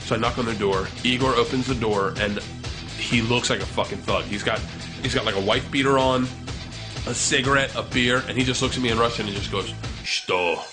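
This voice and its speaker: A man in his thirties telling a comic story, animated and profane, acting out the voices of the people in it. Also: mid-range voice, a little fast, music in the background. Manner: animated, profane, acts out quotes.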